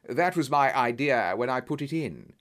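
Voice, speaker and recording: A man voicing a calm male detective who speaks in a measured, firm way. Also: mid-range voice, lightly acted. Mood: explaining.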